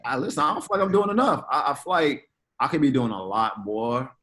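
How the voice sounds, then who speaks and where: An animated man talks casually as a guest. His voice sits at an ordinary middle pitch. He is slangy and acts out quoted back-and-forth exchanges. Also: brisk, poor audio. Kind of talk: casual conversation.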